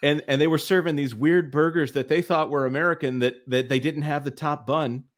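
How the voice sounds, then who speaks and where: A man chiming in as a guest on a casual panel chat, jokey and quick. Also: on the high side, fairly even intonation. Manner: jokey, chimes in.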